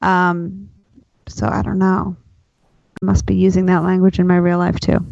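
A woman's voice: fairly low pitch, completely flat delivery, moderate pace, creaky, darkish tone, no echo. Woman podcast host, slightly muffled recording. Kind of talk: casual chat. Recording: slightly dull lo-fi sound.

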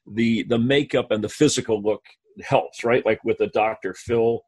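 Brief: relaxed man hosting a podcast, husky mid voice. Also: medium pitch, normal speed. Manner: easygoing, laughs along. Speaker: podcast host. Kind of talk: casual interview chat.

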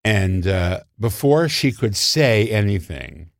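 Older man telling stories, lively pitch. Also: takes it slowly, creaky, no room sound, studio quality. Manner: animated, acts out voices and laughs a lot. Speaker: guest comedy writer. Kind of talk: anecdotal storytelling.

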